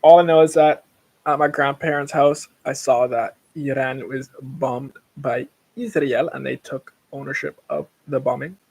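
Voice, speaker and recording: A man's voice: medium pitch, fairly even intonation, a little slow, vocal fry, darkish tone, husky, poor audio. A tired man hosting a casual livestream, rambling and blunt, breaking into rants. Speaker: livestream host.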